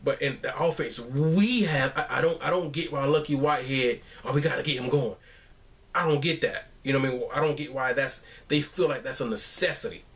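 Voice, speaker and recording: A man's voice: medium pitch, fairly quick, hardly any pauses, fairly bright tone. Exasperated man ranting about football. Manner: rambling, exasperated, frequent restarts. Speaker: fan commentator. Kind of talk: casual sports recap.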